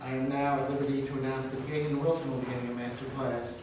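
A man's voice: medium pitch, flat delivery, quick pace. A man hosting an education event, making announcements and introducing the speaker in a casual, hesitant way. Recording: echoey room, distant mic, noise.

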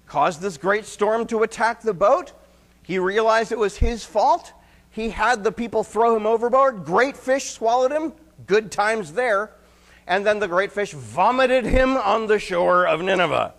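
A male pastor preaching an expository sermon, telling stories and acting out quotes, then dropping to quiet emphasis. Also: high voice, a little slow, vocal fry. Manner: animated storyteller, acts out quotes, drops to quiet emphasis.

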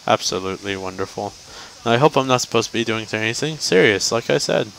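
A man's voice: mid-range voice, fast talker, gravelly, fairly bright tone, a little hiss or hum, rough recording. A young man giving casual gameplay commentary for a guide video, rambling and joking to himself as he plays.

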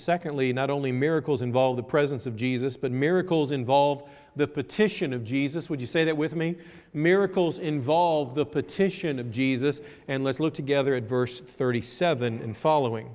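A male pastor preaching a sermon with dramatic pauses, building to emphatic repeated lines. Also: a little high, darkish tone. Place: church sanctuary. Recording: church hall reverb.

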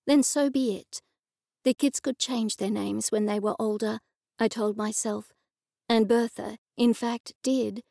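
A woman's voice: on the high side, creaky, warm tone, no echo, studio quality. A woman narrating an audiobook in the first person, with wry, weary storytelling. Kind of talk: scripted narration.

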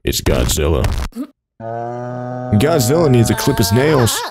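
A man giving excitable gameplay commentary, reacting loudly and laughing often. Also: mid-range voice, slow. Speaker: let's play gamer. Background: game music.

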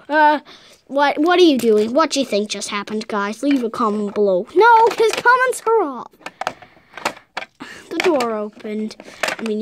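A woman's voice: on the high side, a little hiss or hum. A girl hosting a casual video, narrating toy play in a chatty, giggly, rambling way. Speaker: video host.

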